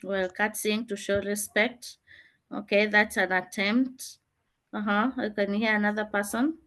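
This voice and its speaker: A woman's voice: medium pitch, level tone, unhurried, fairly bright tone. A woman teacher giving an online revision lesson, explaining rules and calling on students with questions.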